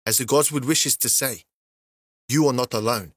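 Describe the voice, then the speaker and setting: A man's voice: medium pitch, moderate pace, breathy edge, no echo, clean studio sound, lightly acted. A man voicing a secretive male shadow elf assassin in a storybook, with a muffled voice, speaking solemnly and evenly.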